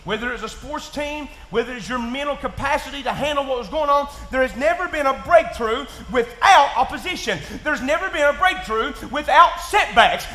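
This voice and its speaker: A man with a Kentucky accent preaching in church, folksy and plain-spoken, dropping to quiet asides and rising to shouts. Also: very high-pitched, expressive, normal speed, few pauses. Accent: Southern US, Kentucky. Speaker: pastor. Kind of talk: sermon. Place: church sanctuary. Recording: echoey church room.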